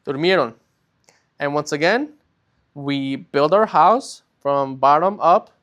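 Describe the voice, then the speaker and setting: A man teaching a recorded Spanish class, explaining things patiently step by step and often checking in with a quick "right?". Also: fairly high pitch, animated, fairly bright tone.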